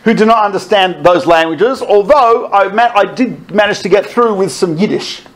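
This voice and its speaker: A middle-aged man telling army stories to an audience, animated and laughing often as he quotes others. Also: sits high, moderate pace. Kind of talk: storytelling talk.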